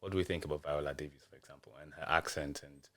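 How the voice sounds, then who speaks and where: Very deep-voiced man, thoughtful. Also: steady tone, fast. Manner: thoughtful, hesitant, many ums. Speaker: journalist guest. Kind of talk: casual chat.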